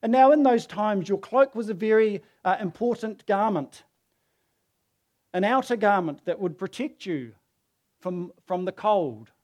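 A man's voice: high-pitched, lively intonation, unhurried, darkish tone. A man preaching a sermon who tells the story casually and acts out the quoted voices.

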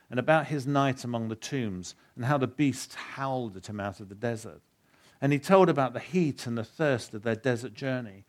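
A man, a pastor, giving a sermon that includes an earnest, measured reading of a story. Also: mid-range voice. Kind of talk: sermon with a read-aloud story.

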